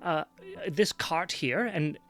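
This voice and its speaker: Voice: mid-range voice, slow, a bit bright, faint music behind. A game master narrating a tabletop game with playful, descriptive storytelling.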